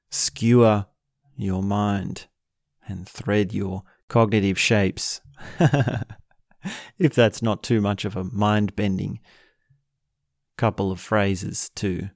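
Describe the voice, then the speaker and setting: A self-help video host offers a practical tip in a casual, rambling, good-humored monologue, often breaking into laughter. His somewhat low, slightly mellow voice comes through clean studio audio with no echo.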